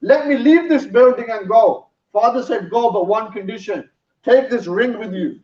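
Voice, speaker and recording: In a mosque hall, a man preaching a sermon tells a story earnestly; his voice is high-pitched with a darkish tone and a normal speed. The sound is dull, distant, and roomy.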